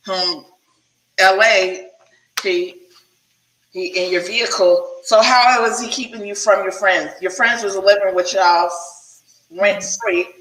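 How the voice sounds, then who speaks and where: Sassy bright-voiced woman, echoey room. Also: on the high side. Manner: sassy, mocking commentary. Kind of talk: casual livestream chat.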